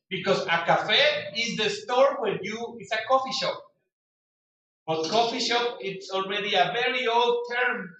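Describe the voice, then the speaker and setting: Male English teacher, high bright voice, slow drills, very echoey distant room. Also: muffled recording, slight background noise. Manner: brisk corrective commands. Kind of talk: classroom pronunciation drill. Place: classroom.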